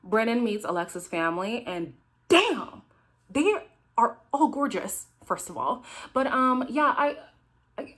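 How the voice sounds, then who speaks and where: Here the recap host's voice is a little high, a bit bright, animated and unhurried. She offers casual reaction commentary, talking frankly and addressing her viewers directly.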